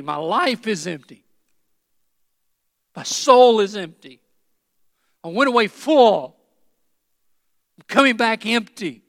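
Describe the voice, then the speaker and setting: A man's voice: sits high, fairly bright tone, no room sound, clean studio sound, long reverb tail, exaggerated voice. A man voicing a grieving, bitter older woman who sounds choked up and laments her losses over and over.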